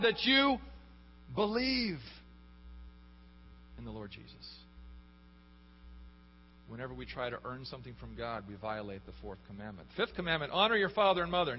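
A man preaching a sermon, emphatic, often asking the congregation questions. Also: on the high side. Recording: echoey hall, dull lo-fi, faint hum.

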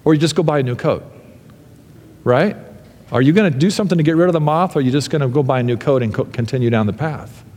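A man preaching a sermon as a pastor, earnest, building to fervent emphasis and falling to soft pleas. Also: a little high, quick pace, big-room sound.

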